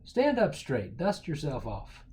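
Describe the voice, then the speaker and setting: A man voicing a spry, bossy old fairy godmother who talks in a brisk, folksy cowpoke way in a storybook reading. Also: on the high side, huge pitch swings, warm tone.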